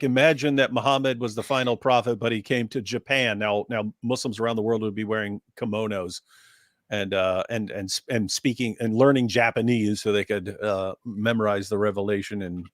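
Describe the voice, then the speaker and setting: A man's voice: fairly low pitch, fairly bright tone, no room sound, studio quality. A man co-hosting a live stream in casual banter, joking and breaking into bits of song and laughter.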